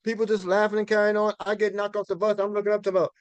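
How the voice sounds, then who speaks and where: A man's voice: high voice, monotone, racing, smooth, no echo. A man in his sixties giving a finance talk to an audience as a folksy, conversational storyteller who often repeats and restarts his words. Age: 60s.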